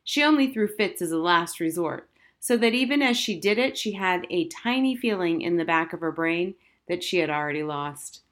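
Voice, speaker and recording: A woman reads a children's novel aloud in a clear storytelling manner. Her voice sits a little low for a woman. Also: animated, moderate pace, fairly bright tone. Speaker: narrator. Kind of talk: audiobook reading of a children's novel.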